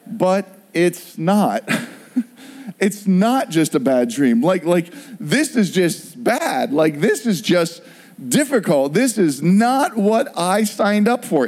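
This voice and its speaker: A middle-aged man preaching a sermon, telling a personal story with animated storytelling and acted-out voices. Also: high-pitched. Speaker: pastor.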